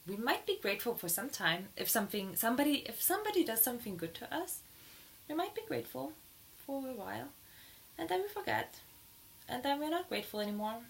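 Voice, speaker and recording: A woman, not a native English speaker, giving a spiritual teaching in an earnest way, her voice rising high and excited when she is moved. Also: brisk, gravelly, a little hiss or hum, poor audio. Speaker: dharma teacher.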